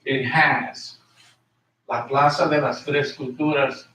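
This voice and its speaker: A man's voice: medium pitch, steady tone, takes it slowly, pushed and bright. A man giving a history lecture to a class, explaining terms patiently and repeating words and spellings for his listeners. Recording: echoey room, voice from a distance.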